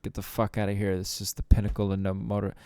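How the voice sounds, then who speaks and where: A man rambling through a casual solo podcast, with a lowish, mellow voice. He swears freely and trails through fillers. The recording is close and dry. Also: completely flat delivery, fast talker, smooth, no echo. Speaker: podcast host.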